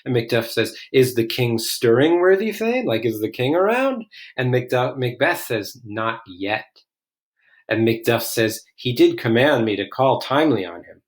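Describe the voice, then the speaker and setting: A man's voice: medium pitch, sing-song, moderate pace. A man reading lines from a play aloud and explaining them in plain, casual words, often musing over what he finds interesting. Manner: reads lines then paraphrases them in plain talk, musing and curious. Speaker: literature explainer. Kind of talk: casual read-aloud with commentary.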